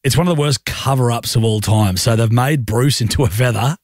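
A man's voice: medium pitch, brisk, darkish tone, no echo, clean studio sound. A man, a radio host in casual banter who laughs often and teases his co-host.

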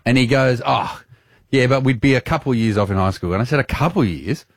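Animated man, husky voice. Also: medium pitch, fast, no echo, clean studio sound. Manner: animated storyteller, laughs often. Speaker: radio co-host. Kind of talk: casual radio banter.

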